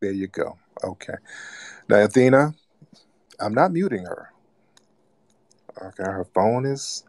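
Host type: low-voiced man, mocking and scolding tone, call-in show, dry close sound. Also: animated, a little slow, a little mellow, no room sound. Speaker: host of live call-in broadcast. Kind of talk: casual call-in radio talk.

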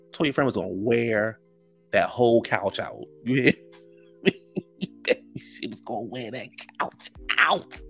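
A man casually recapping a reality TV episode in a sassy, profane, gossipy way. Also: creaky. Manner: acts out quotes in higher voices.

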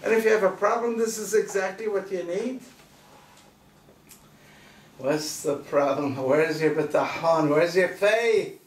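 A man's voice: sits high, steady tone, moderate pace, long pauses. A man, a rabbi, giving a sermon, emphatic and repeating rhetorical questions. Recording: roomy distant recording, faint noise.

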